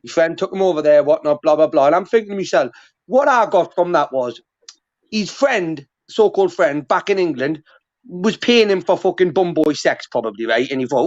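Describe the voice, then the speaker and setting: A man's voice: a little high, expressive, moderate pace. A man talking on a livestream panel, rambling and swearing constantly, with many restarts. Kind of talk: heated casual livestream chat. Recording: muffled lo-fi stream audio.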